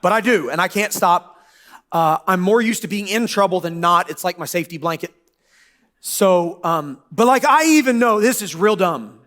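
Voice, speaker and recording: High-voiced man preaching casually. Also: expressive, a bit bright. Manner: casual, joking preacher with quick asides. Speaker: pastor. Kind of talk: sermon. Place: church.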